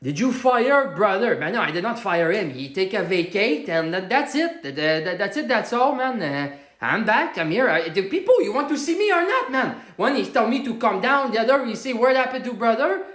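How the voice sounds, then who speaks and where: A man playing a brash, excitable Quebecois would-be politician with a Quebec French accent, doing a comedic forecast in profane broken English. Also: high-pitched, normal speed, few pauses, echoey room. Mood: excited. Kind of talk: comedic live-stream monologue.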